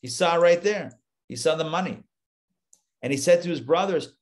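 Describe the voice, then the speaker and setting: Rabbi guy teaching torah live, kinda high voice, acts out the lines, chatty. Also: normal speed, pauses often. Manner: animated storytelling, acts out the biblical lines, chatty asides.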